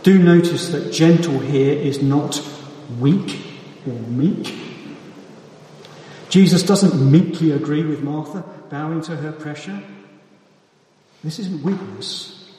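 A man preaching a sermon with a measured, deliberate delivery and emphatic pauses, heard in a church hall. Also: a little high, dark tone, slight background noise. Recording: echoey hall from far off.

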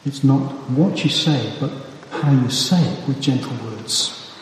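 Slow, measured preacher in an echoey hall. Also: male voice, mid-range voice, far from the mic, slight background noise. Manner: measured, deliberate delivery with emphatic pauses. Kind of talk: sermon.

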